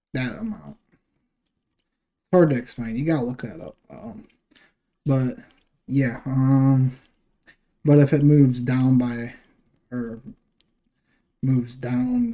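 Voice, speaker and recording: A man hosting his own channel talks through a screen share in a casual, rambling walkthrough. His mid-range voice is warm, and he uses lots of fillers and restarts.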